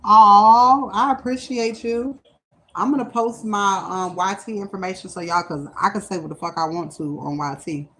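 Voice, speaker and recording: A woman's voice: deep voice, slight background noise. A woman giving a spiritual reading on a livestream, blunt and emphatic, cursing heavily, and often close to tears. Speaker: spiritual reader.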